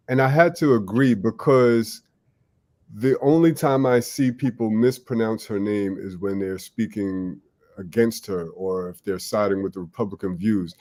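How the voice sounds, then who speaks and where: A man's voice: lowish voice, a little mellow. A young man co-hosting a podcast, talking earnestly and patiently explaining his point in casual chat. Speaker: podcast co-host.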